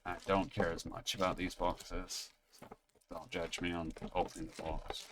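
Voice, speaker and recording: A man's voice: sits low, level tone, moderate pace, noisy background. A man hosting a card-opening video, talking in a chatty, rambling way with self-deprecating asides. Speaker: card-opening channel host. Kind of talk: casual chat while opening trading card packs.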